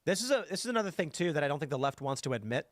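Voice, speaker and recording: A man's voice: on the high side, very fast, dry recording, clean studio sound. A man hosting a casual political panel show, reading viewer comments and animatedly quoting people. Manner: animated, mimics voices when quoting. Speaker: show host.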